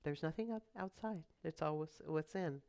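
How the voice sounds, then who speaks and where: A middle-aged woman minister giving a chatty, storytelling sermon with quick asides. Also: low-pitched, darkish tone. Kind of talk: conversational sermon.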